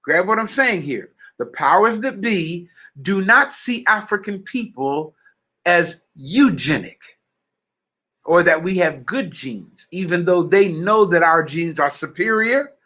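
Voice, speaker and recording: A man delivers an impassioned spiritual message, speaking in a fervent, preacher-like manner. His voice sits high and bright. He talks slowly, addresses listeners directly and repeats key phrases for weight. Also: expressive. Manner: addresses listeners directly and checks they follow.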